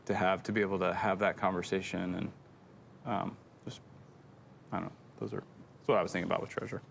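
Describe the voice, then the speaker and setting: Middle-aged man, church show co-host, low voice, rambling casual storytelling, faint background noise. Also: level tone, quick pace, gravelly. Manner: rambling, self-deprecating storyteller. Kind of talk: casual faith chat.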